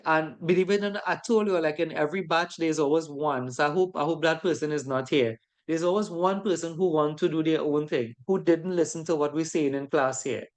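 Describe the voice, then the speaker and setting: A course instructor giving an informal online class lecture. The instructor keeps checking in with a tag question and repeats key phrases for emphasis. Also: mid-range voice. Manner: informal, conversational teaching.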